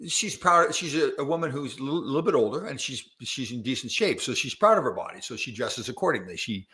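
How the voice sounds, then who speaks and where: A man with a bright, forceful voice chats casually as a show host. He rambles through his stories, stopping and restarting mid-sentence. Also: medium pitch, lively intonation. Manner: rambling, halting storyteller with many restarts. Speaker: podcast host. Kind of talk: casual chat.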